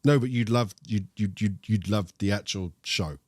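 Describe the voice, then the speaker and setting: A man's voice: lowish voice, moderate pace, no echo, clean studio sound. A young man with a posh British accent co-hosting a casual esports chat, joking and wandering off on tangents. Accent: posh British English. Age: young adult. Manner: joking, rambling, prone to tangents. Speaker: co-host.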